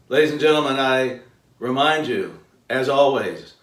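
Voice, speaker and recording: A man hosting a self-help video, lecturing emphatically with rhetorical questions and drawn-out pauses. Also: mid-range voice, animated, fairly bright tone. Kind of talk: motivational lecture to camera. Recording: roomy echo, mic far off.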